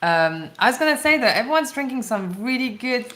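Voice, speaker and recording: A woman co-hosting a casual live stream from home, chatting in a relaxed way and laughing often. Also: on the high side, fairly quick. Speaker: co-host. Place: home in London.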